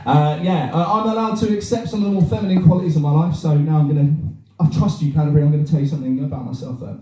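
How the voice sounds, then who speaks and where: A man's voice: fairly high pitch, racing, a little hiss or hum. A man doing a crude, rambling stand-up set, performing live in a cafe bar. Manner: crude, rambling, animated, swears a lot. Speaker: stand-up comedian. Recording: echoey room, mic heard from far.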